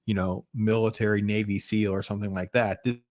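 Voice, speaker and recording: A man hosting a casual podcast chat, enthusiastic and tagging his points with quick questions. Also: on the low side, steady tone, a little mellow. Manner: enthusiastic, tags remarks with "right?". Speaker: podcast host.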